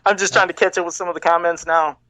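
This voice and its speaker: A man's voice: sits high, level tone, quick pace, sharp tone, dry recording. A man co-hosting a fan podcast, ranting hard with lots of swearing and getting emotional. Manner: profane, worked-up ranting. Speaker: podcast co-host. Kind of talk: heated fan podcast rant.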